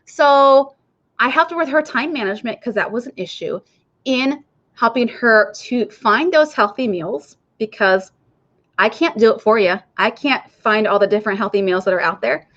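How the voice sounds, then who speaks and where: A woman's voice: on the high side, expressive, normal speed, a bit bright, lo-fi sound. A woman working as a nurse and health coach, talking casually and chatting straight to her viewers. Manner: chatty, addresses viewers directly. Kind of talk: casual online coaching talk.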